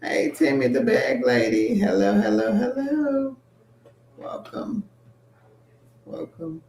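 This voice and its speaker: A woman's voice: mid-range voice, big pitch swings, slow, creaky, a little mellow, roomy sound, slight background noise. A woman co-hosting a casual livestream, greeting viewers by name and reading out their comments.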